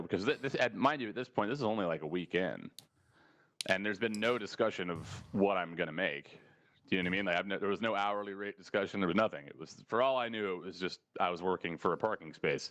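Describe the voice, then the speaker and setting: Low-voiced man telling a laughing story. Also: fairly quick. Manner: laughs often while telling stories; animated, mimics people he quotes. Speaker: storyteller on a podcast. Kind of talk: casual chat.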